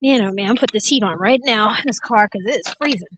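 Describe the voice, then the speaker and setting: A woman's voice: mid-range voice, fast talker, background noise. A woman from New Jersey chatting casually on a live stream while shopping and sitting in her car, laughing and exclaiming about the cold. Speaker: vlogger. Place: shopping trip, then inside her car.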